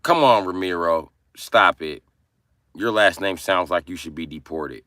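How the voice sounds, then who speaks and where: A man hosting a casual livestream, brash and profane as he roasts his chat, with sudden bursts of yelling. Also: deep voice, measured pace, no room sound, studio quality. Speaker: livestream host.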